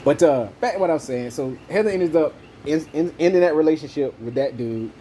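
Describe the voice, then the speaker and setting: A man from the telling a personal story in casual, profane, animated chat. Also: fairly quick, a little hiss or hum, low-quality recording. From Southern United States. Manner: animated, profane, jumps into high voices when quoting himself. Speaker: podcast host.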